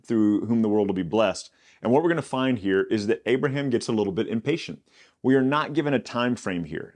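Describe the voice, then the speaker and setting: A man hosting a Bible study podcast, reading scripture aloud and explaining it in a relaxed, conversational way with joking asides. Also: fairly low pitch. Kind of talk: casual Bible teaching.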